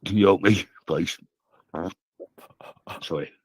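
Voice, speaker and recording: A groggy man with a husky voice on a phone call, confused, rambling, repeating himself and swearing. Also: low-pitched, slow, dry recording.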